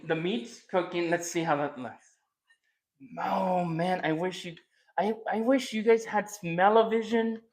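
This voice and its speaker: A man chatting casually while he cooks on camera, thinking out loud and teasing his viewers. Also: sits high. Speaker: cooking and eating vlogger. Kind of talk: casual chat while cooking.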